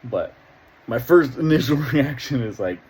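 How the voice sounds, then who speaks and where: A man's voice: medium pitch, expressive, unhurried, darkish tone, breathy edge, poor audio. A middle-aged man hosting a casual reaction video, talking in a profane, rambling way and laughing often.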